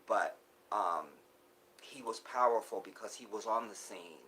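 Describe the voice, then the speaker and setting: A man with a low, edgy, forceful voice, addressing his viewers in an impassioned live monologue. He lurches between loud urgent appeals and quiet, hushed passages, often breaking off mid-phrase to start again. A faint hiss sits under his voice. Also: rough recording. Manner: halting, restarts often. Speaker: live streamer. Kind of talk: emotional live-stream monologue.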